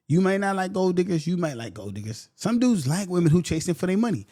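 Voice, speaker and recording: A man talks through his podcast in a loose, blunt way. He circles back and repeats his points, and sometimes slips into quick mocking voices. His voice sits a little high and has a warm, mellow tone. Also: very animated. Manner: repetitive, blunt, mocks others with quick voices. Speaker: podcast host. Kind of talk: casual commentary.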